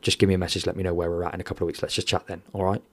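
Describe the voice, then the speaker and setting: A man telling a painful personal story in an interview, emotional and near tears, halting and swearing often. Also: low voice, level tone. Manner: candid, heavy swearing, halting restarts. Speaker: podcast guest.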